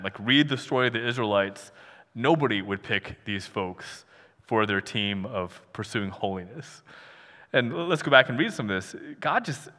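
A man preaching a sermon as pastor, animated, acting out imagined voices and laughing now and then. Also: medium pitch. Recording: long hall reverb.

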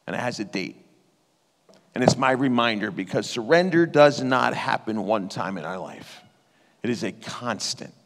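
A man's voice: medium pitch, vocal fry. Earnest man preaching in a reverberant hall. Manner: earnest, conversational, emotional storytelling. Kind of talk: sermon with personal testimony.

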